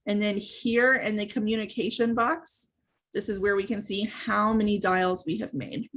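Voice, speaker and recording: A woman's voice: mid-range voice, little pitch movement, normal speed, fairly bright tone. A woman hosting a live training webinar, explaining step by step in a conversational way. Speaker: webinar host and sales trainer.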